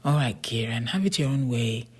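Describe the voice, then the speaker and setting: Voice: medium pitch, lively intonation, normal speed, breathy edge. An audiobook narrator voicing a sulky boy twin who pleads to be let in. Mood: pleading. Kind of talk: storybook character voice.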